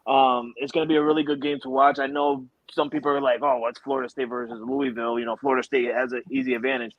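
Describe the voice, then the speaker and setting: A man co-hosting a sports prediction show, talking in an excitable, rambling way and laughing easily. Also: mid-range voice, quick pace, no room sound, dull audio. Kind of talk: animated casual sports banter.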